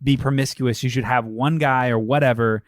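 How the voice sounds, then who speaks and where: A man's voice: mid-range voice, steady tone, moderate pace, no echo, studio quality. A man co-hosting a casual film podcast, enthusiastic and acting out scenes as he retells them. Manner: enthusiastic, acts out characters while telling. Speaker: podcast co-host.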